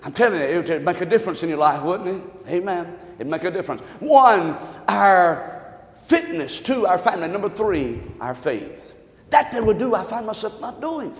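A middle-aged male pastor preaching a sermon in a church, impassioned, swinging between shouts and low asides and jokes. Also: big pitch swings, normal speed. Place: church sanctuary. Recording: echoey church hall.

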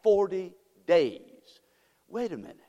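A man's voice: sits high, sing-song, takes it slowly, warm tone, highs cut off. A man preaching a sermon from the pulpit, firing rhetorical questions at the congregation. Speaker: pastor. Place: church sanctuary. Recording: long hall reverb in church.

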